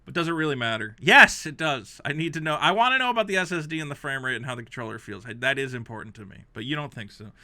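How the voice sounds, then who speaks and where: A man hosting a comedic reaction rant. He is exasperated and sarcastic, jumping between loud outbursts and low mutters. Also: animated, rapid-fire, hardly any pauses, no echo. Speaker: host reacting to a game console review.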